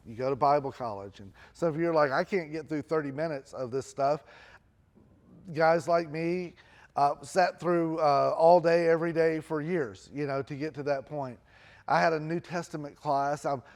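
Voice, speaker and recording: A man's voice: a little high, a little mellow. A middle-aged man preaching a sermon as a pastor, telling a personal story in a conversational, self-deprecating way. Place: church auditorium.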